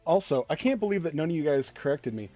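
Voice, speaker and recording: A man's voice: fairly high pitch, lively intonation, fast, mellow, no echo, soft background music. A man streaming a mobile game, talking bluntly in casual commentary, rambling with fillers and self-deprecating jokes. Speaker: gaming streamer.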